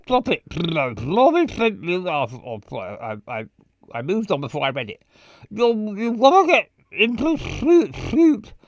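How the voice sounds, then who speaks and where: A woman's voice: medium pitch, very animated, a little slow, dry recording, poor audio. A woman voicing a blunt, teasing best friend in a video game. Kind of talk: game voice acting.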